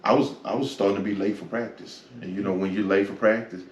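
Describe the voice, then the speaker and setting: A man's voice: fairly low pitch, steady tone, fast talker. A man in his forties giving a reflective personal testimony in an interview, dropping "man" and "you know" as he goes. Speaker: interview guest. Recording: echoey room, from far off, faint noise.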